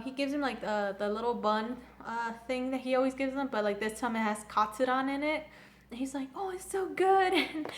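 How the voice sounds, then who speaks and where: A woman's voice: on the high side, fairly bright tone. A young woman recapping and reviewing an anime episode in a casual, rambling, gushing fan manner. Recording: echoey room.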